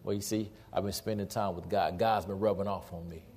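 Lower-voiced man preaching a sermon. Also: brisk. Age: 40s. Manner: animated storytelling, acts out dialogue. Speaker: pastor.

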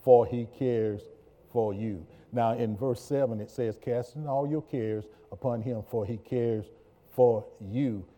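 Male pastor, sermon, slow and mellow, bursts into shouting. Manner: preaching, swings from low and slow to loud shouted bursts; repeats words and stammers when excited. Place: church.

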